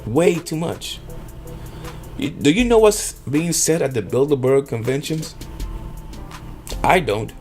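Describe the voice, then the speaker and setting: Animated middle-aged man, faint music. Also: fairly high pitch, slow, pauses often. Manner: animated, rambling, acts out quoted voices. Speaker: vlogger. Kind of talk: opinion commentary.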